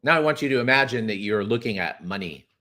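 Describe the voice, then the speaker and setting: A man leading listeners through a guided spiritual exercise, talking expressively and slowing down to stretch his key words. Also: fairly low pitch, lively intonation, sharp tone. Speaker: course guide.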